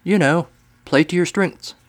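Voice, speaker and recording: A man's voice: on the high side, measured pace, no echo, pitched above the performer's own voice, close to an everyday voice. A man voicing a polite, fussy pirate first mate who keeps calling his captain sir. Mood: patient.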